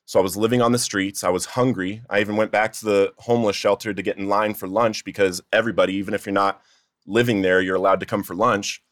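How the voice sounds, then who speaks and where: In his earnest, heartfelt recovery testimony, a young man builds to near-shouting when he repeats past pleas. His voice is on the low side, steady and fast, in a dry studio-quality recording.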